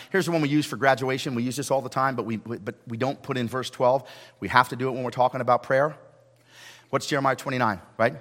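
A middle-aged pastor preaching a sermon, moving from hushed asides to shouted lines and acting out dialogue. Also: male voice, mid-range voice, big-room sound.

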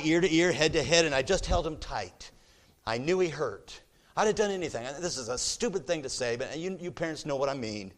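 Telling a personal story during his sermon, this middle-aged pastor speaks at a medium pitch. His delivery moves from quiet, gentle stretches to booming, forceful calls to his listeners.

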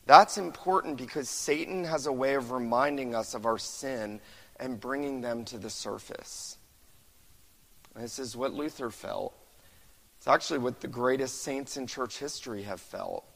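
A man preaching a sermon as pastor, impassioned, slowing down for quoted verses and building in volume. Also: mid-range voice, fairly bright tone, long reverb tail, poor audio. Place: church sanctuary.

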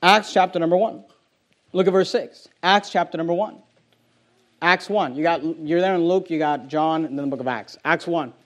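A man's voice: fairly high pitch, moderate pace. A man preaching a sermon as pastor, emphatic and confrontational, hammering home repeated phrases.

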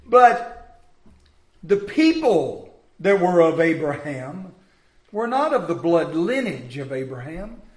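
A man preaching a sermon, acting out the voices of biblical figures and swinging from loud to hushed. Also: on the high side, very animated, slow. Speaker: pastor. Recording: echoey room.

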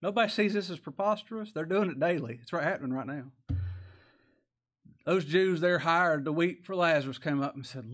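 A male pastor preaches in a homespun, conversational way. His voice sits a touch high for a man, and he keeps tossing out rhetorical questions and small chuckles. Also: expressive, normal speed, fairly bright tone. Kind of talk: sermon.

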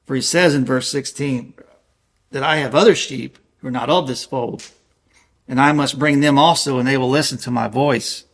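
A man preaching a sermon in an earnest, emphatic way, slowing down to stress quoted scripture. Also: mid-range voice, fairly bright tone.

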